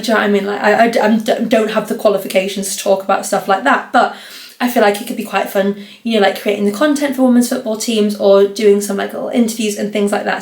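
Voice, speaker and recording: A young woman chats through her week on her own podcast, rambling from one thing to the next and leaning on "like" as a filler. Her voice sits at an ordinary middle pitch. The room around her carries a noticeable echo. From North East England. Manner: rambling, chatty, lots of "like" fillers. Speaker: podcast host. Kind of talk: casual solo podcast chat. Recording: roomy echo.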